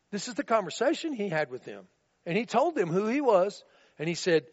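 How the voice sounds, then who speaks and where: A man's voice: high voice, big pitch swings, a little fast. A man preaching a sermon in a conversational way, often checking in with listeners by asking "right?", on a dull recording with long reverb in a large room.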